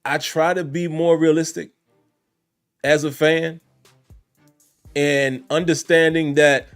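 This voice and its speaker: A man's voice: a little high, little pitch movement, slow, clean tone, soft background music. A man hosting a sports fan podcast, talking casually and directly to his listeners. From Richmond. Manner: conversational, addresses listeners directly. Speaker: podcast host.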